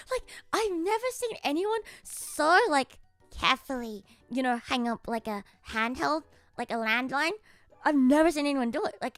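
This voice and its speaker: A woman streamer telling a story to her chat in a casual, animated way, swearing often and laughing a lot. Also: sits high.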